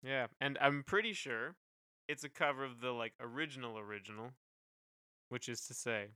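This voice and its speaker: A young man chatting casually as a podcast co-host, his voice bright and smooth. He hedges and restarts often, and the recording is dry and close. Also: mid-range voice, moderate pace, dry recording. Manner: hesitant, many fillers and restarts. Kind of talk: casual chat reviewing music.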